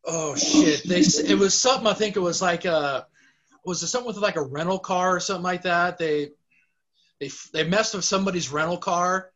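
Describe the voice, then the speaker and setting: Man, podcast co-host, halting and unsure, higher pitch, muffled audio. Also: fairly bright tone. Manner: hesitant, loose, trailing recollections. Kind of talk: casual wrestling podcast chat.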